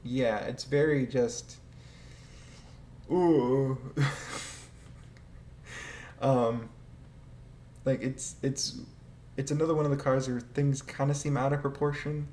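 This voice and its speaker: A man's voice: mid-range voice, steady tone, slow, pauses often, mellow. A man casually ranking game vehicles, rambling and hesitant, swearing now and then and laughing often. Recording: echoey room with faint ambient noise.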